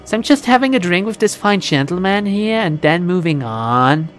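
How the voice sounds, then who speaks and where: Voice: medium pitch, expressive, moderate pace, voice pushed up, lightly acted. A streamer voicing a cheerful, hard-drinking young American woman shaman in a put-on Valley Girl accent while reading a game aloud. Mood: bubbly. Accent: attempted American Valley Girl.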